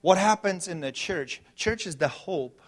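A middle-aged man preaching a sermon as pastor, swinging between loud emphatic lines and quiet storytelling, laughing between points. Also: high voice, expressive, unhurried, a little hiss or hum. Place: church.

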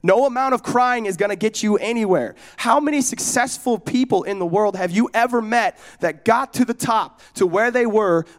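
A young man from Oregon preaching in a casual, storytelling way, animated and acting out the voices in his stories. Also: sits high, normal speed, hardly any pauses. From United States, Oregon. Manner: casual, often asks "you know what I'm saying?". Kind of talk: storytelling sermon.

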